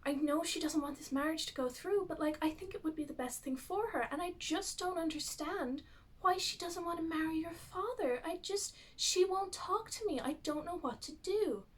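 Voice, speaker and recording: A woman putting on the voice of a scheming, manipulative witch mother who speaks softly and with false sweetness. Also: extremely high pitch, moderate pace, pitched above the performer's own voice. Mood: coaxing. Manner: soft, falsely sweet, coaxing. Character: cold scheming mother witch, pretending to be nice.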